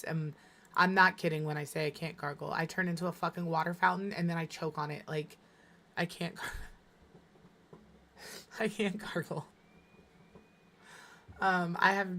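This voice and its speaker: A woman streaming a game, hoarse with her voice fading, chatting tiredly and muttering to herself as she builds. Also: fairly low pitch, fairly bright tone. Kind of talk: casual gameplay streaming chat.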